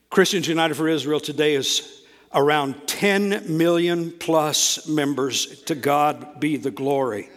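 Man, faint southern accent, guest preacher, fairly high voice, church hall reverb. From American South. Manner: warm, exclamatory, frequent restarts. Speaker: guest preacher, state coordinator. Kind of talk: church sermon. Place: church sanctuary.

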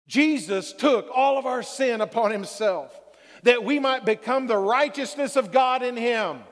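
High-voiced preaching pastor, slow and echoey. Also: male voice. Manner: preaching with call-and-response "Amen?" and acted-out quotes. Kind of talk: sermon.

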